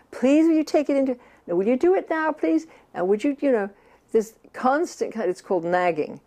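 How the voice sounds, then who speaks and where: An older woman from the United States talks through her ideas in an unscripted interview, her voice sitting a little low. She pauses, restarts and says "you know" often, sounding thoughtful rather than polished. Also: mellow. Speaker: author and therapist interviewee.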